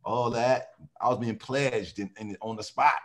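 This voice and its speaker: A man who sings in a vocal group, telling animated stories in a casual interview and often laughing. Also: medium pitch, measured pace. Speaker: singer in a vocal group, guest.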